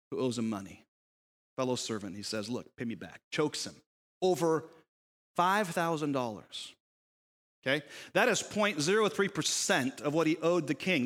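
A man preaching a sermon, telling a parable with rhetorical questions and acting out the characters' lines. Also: fairly high pitch. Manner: animated storytelling, voicing characters in quotes, rhetorical questions. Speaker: pastor. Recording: long reverb of a hall.

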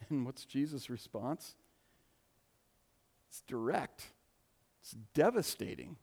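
A man's voice: mid-range voice, expressive, slow, vocal fry, long pauses, darkish tone, husky. A man preaching a sermon in a conversational way, with rhetorical questions and restarts. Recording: long reverb of a large hall.

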